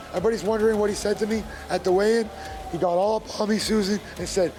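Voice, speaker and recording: High-voiced fighter man, emphatic. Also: steady tone, fast talker, music in the background. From Gloucester, Massachusetts. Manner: emphatic, repeats phrases. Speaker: bare knuckle fighter. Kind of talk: post-fight interview.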